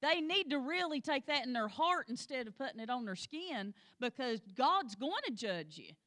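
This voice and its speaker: A woman's voice: sits high, sing-song, normal speed, a bit bright. Folksy woman teaching Sunday school. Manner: folksy and plain-spoken, with joking asides; exhorting the class directly.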